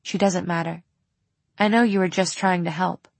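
A woman voicing a guarded, sullen young man in an audiobook reading, with flat clipped lines. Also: fairly low pitch, normal speed, vocal fry, no echo.

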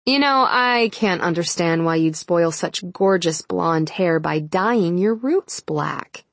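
A woman's voice: lowish voice, expressive, slow, no echo, full character voice. A woman voicing a sassy, mocking young alpha she-wolf. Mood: mocking tease. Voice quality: mocking, sarcastic. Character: sassy young alpha female werewolf, teasing.

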